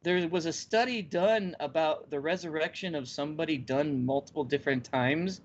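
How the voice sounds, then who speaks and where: A man hosting a podcast, recapping a story in casual chat with lively, stop-and-start storytelling. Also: on the high side, moderate pace, a little hiss or hum. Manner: animated storytelling with frequent restarts. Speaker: podcast host. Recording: slightly muffled lo-fi audio.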